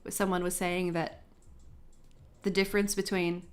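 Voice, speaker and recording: A woman's voice: on the low side, little pitch movement, normal speed. Bubbly Australian woman livestreaming. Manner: chatty, bubbly, talks to chat viewers. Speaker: journaling livestream host. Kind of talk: casual livestream chat.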